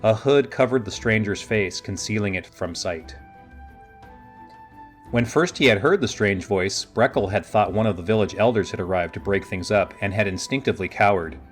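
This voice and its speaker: A man narrating a fantasy story in a steady, measured storytelling voice. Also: on the low side, faint music behind. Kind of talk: audiobook narration of his own fantasy novel.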